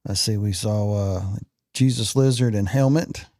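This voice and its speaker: Forties male guest, warm mellow tone, laid-back recall. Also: fairly low pitch, normal speed. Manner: easygoing, chiming in with short agreements. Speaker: podcast guest. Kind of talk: casual chat.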